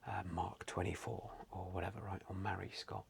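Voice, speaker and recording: A man, softly whispering as he chats casually and rambles during an ASMR video. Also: low-pitched, fairly even intonation, a little fast, vocal fry, a crowd in the background. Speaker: card seller and streamer. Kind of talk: soft-spoken ASMR chat. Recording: loud crinkling packaging close to the mic.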